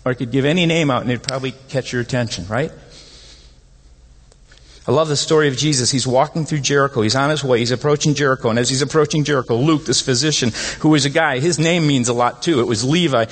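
A man preaching a sermon as pastor, animated and conversational, often rising in pitch to stress a point. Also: fast. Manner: animated, rises in pitch when making points. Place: church sanctuary. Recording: long hall reverb.

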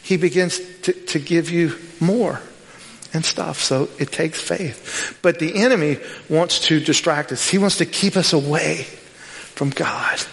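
High-voiced storytelling preacher in a reverberant hall. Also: male voice, measured pace, vocal fry. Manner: storytelling with lively quoted dialogue. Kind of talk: sermon. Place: church sanctuary.

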